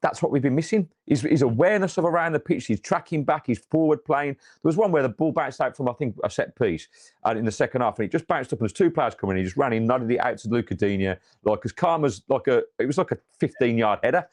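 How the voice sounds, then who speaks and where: A man talks quickly and keenly in a relaxed chat about his team. His pitch sits in an ordinary middle range, and his stories build in energy as he goes. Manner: animated storytelling, rises in excitement. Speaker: fan channel co-host. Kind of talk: casual match-reaction chat.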